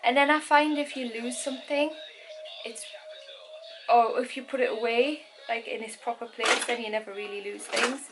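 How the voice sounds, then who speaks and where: A woman's voice: on the high side, steady tone, normal speed, fairly bright tone, soft background music, poor audio. A woman in her thirties, vlogging casually at home and explaining step by step how to sort a child's room. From England. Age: 30s. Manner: chatty, explaining a tidying method step by step.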